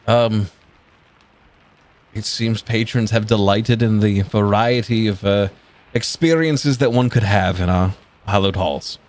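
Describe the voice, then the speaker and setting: A man voicing a formal, reserved male servant and driver who speaks politely and haltingly. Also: on the low side, a little mellow, natural voice. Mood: courteous.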